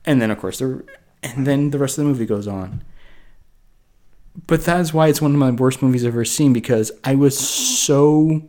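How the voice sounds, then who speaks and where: A man's voice: mid-range voice, normal speed, warm tone. A man in his thirties, a podcast co-host, telling a story in casual movie chat and acting out his own reactions.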